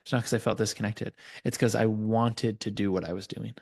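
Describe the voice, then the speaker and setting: A man's voice: fairly low pitch, steady tone, brisk, vocal fry, a little mellow. A man, a coach as a podcast guest, earnestly explaining his ideas in a conversational teaching style and giving examples.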